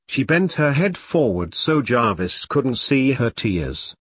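A man narrating a novel as an audiobook reader, in a measured storytelling way. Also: medium pitch, very animated, fairly bright tone, husky, dry recording. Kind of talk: scripted narration.

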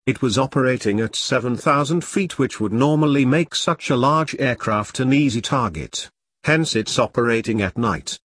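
Male audiobook narrator, mid-pitched, reads punctuation aloud, dry sound. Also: lively intonation, normal speed, fairly bright tone, breathy edge, dry recording.

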